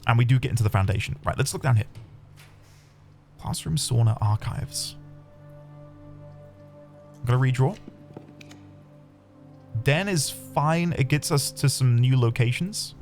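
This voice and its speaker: A man commentating his own game playthrough, chatty and excitable, talking to his viewers. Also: medium pitch, a little slow, pauses often. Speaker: game streamer. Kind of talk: let's play commentary. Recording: faint background music.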